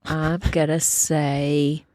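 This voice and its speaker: A woman, co-hosting a podcast in casual chat, chatty and excitable and quick to cheer. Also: deep voice, no echo, clean studio sound. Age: 50s. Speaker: podcast co-host.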